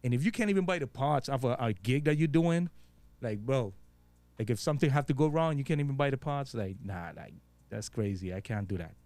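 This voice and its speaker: A man's voice: mid-range voice, lively intonation, a little fast, a little mellow, dry recording, faint music behind. A man with a Virgin Islands accent talking casually as a guest DJ, loose and slangy, swearing freely. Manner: laid-back, street slang, frequent swearing and fillers. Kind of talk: casual interview chat.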